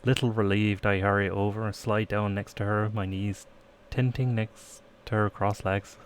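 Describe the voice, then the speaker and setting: A man's voice: fairly low pitch, flat delivery, moderate pace, a little hiss or hum. Man reading a story game aloud. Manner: reads aloud with stumbles and laughing asides. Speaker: streamer.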